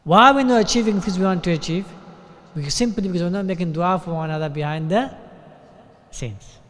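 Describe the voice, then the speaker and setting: A man with a British accent giving a sermon at a mosque, talking conversationally and often checking in with a quick "yeah?". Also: sits high, a bit bright. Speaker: sheikh giving a talk. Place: mosque hall. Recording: long hall reverb.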